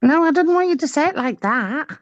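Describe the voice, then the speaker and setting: A woman's voice: high-pitched, lively intonation, a little fast, no echo, highs cut off. A woman co-hosting a casual late-night radio chat show in a studio, giggly, teasing and chatty.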